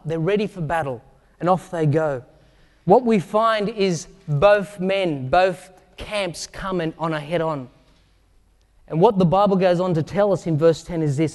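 A man preaching a sermon, acting out Bible scenes with shouts and asking the congregation questions. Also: high voice, long reverb tail. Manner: asks the congregation direct questions.

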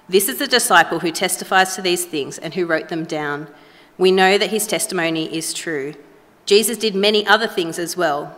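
A woman reading a long scripture passage in a measured, deliberate way. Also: fairly low pitch, a bit bright. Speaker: scripture reader. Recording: reverberant hall.

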